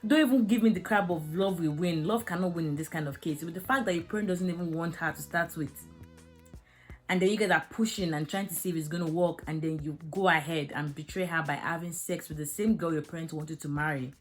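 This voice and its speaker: A woman's voice: low-pitched, brisk, faint music behind. A young woman reviewing a drama episode, talking frankly and emotionally with many fillers. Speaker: series reviewer. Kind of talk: casual video review.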